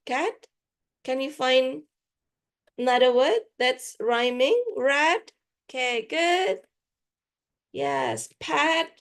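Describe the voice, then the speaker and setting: A woman with an Indonesian accent gives a guest lecture to teachers, giving classroom examples and slipping into Indonesian now and then. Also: a little high. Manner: mixes Indonesian into English, frequent "for example".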